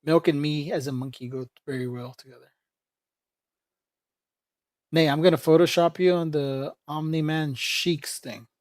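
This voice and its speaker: A man's voice: fairly high pitch, steady tone, a little slow, pauses often, no echo, clean studio sound. A man streaming live, chatting casually with his viewers in a rambling, profane way and laughing often. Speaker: livestreamer. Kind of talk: casual livestream chat.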